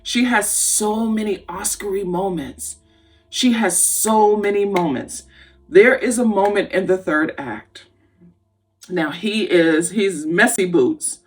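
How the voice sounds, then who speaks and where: A woman giving a casual spoken film review, candid and opinionated, talking conversationally with restarts. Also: fairly low pitch. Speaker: movie reviewer. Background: faint background music.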